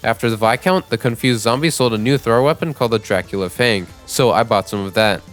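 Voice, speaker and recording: A young man narrating his game playthrough who talks to his chat, jokes about himself and gets loud and pleading in boss fights. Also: medium pitch, a little fast, faint music behind. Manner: excitable, shouts and pleads during fights; talks to chat, self-deprecating. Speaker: gaming YouTuber. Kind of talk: let's play with voice-over narration.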